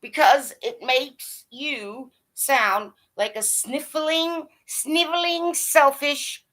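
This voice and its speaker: A woman vlogger gives a scolding rant to camera, blunt and full of profanity. Her voice is high-pitched and bright, with a forceful edge. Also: fairly even intonation, very slow. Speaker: hockey fan vlogger. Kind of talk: ranting monologue to camera.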